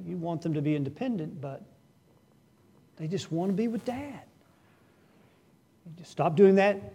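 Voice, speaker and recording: Guy preaching a sermon, kinda high voice but mellow, asks the room questions. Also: slightly rough. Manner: earnest preaching with sudden rises in pitch and loudness for emphasis; asks the congregation rhetorical questions. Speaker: pastor.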